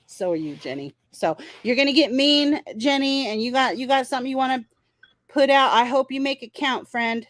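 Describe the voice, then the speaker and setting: A woman's voice: high-pitched, moderate pace, no echo. Sarcastic woman host, dry close sound. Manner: sarcastic, mocking. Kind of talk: casual commentary on a clip.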